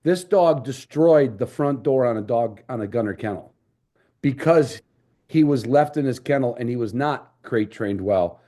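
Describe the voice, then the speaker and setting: Here a man hosting a podcast chats casually, spinning rambling stories full of restarts. His voice is mellow and mid-range, with lively intonation and a moderate pace.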